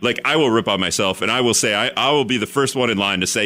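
A man's voice: on the low side, quick pace, hardly any pauses, bright, forceful tone. A man hosting a radio talk show, rambling and self-deprecating with many restarts.

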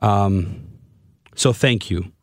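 A man in his twenties hosting a podcast, talking in a halting, stammering way and openly getting emotional in a candid conversation. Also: fairly low pitch, no room sound, clean studio sound. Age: 20s. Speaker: podcast host and radio broadcaster.

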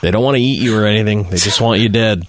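A man's voice: fast talker, dry recording. A man co-hosting a morning radio show, chatting casually and joking about bees. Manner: animated, jokey, breaks into high silly voices.

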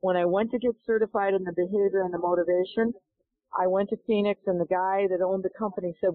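A middle-aged golf instructor, appearing as a guest on a podcast, tells a story with energy, animatedly acting out each voice in the exchange. She talks fast at a medium pitch, and her voice comes through a thin, phone-like line that sounds close and dry, with no room sound.

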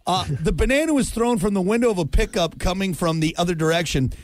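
A man's voice: sits high, fast talker. A man co-hosting a morning radio show, joking and telling stories in casual banter. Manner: joking, animated storytelling. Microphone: studio microphone.

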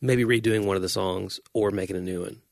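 A man's voice: low voice, steady tone, brisk, gravelly, dry recording, clean studio sound. A man in his forties co-hosting a casual chat, playful and self-deprecating. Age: 40s. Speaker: podcast co-host and worship leader.

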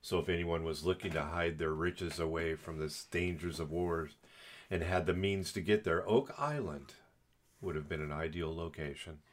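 A man's voice: low-pitched, normal speed. A man co-hosting a podcast, reading history aloud with dry joking asides. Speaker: podcast co-host. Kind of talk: casual chat and reading aloud.

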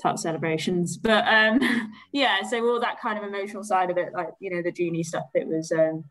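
A woman's voice: fairly low pitch, a little fast, a bit bright, poor audio. A woman co-hosting a casual football podcast, talking in a rambling way with many fillers. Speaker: podcast co-host.

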